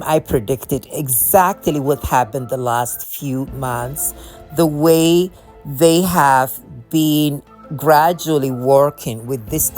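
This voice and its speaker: Low-pitched woman, impassioned monologue, repetitive, faint music behind. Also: a little mellow. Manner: impassioned, repetitive, with frequent restarts. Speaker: video creator. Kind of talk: monologue to camera.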